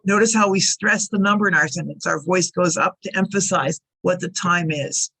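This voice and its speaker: Woman, ESL teacher, careful repeated drill phrases, clear teaching narration. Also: fairly low pitch, moderate pace, bright, forceful tone. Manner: careful, repeats example sentences for learners.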